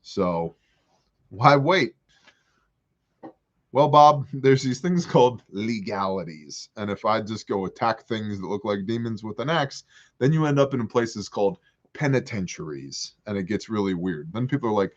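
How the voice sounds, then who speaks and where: A man hosting a casual livestream from a porch, reading viewer comments aloud and answering them with animated jokes. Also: fairly low pitch, unhurried, muffled recording. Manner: joking, animated, reads chat aloud. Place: outdoors on a porch.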